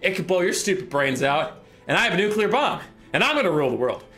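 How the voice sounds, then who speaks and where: A man voicing a manic male rat tinkerer, shouting in a high, unhinged voice. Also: sing-song, fast talker, faint music behind, heavily acted. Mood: petulant.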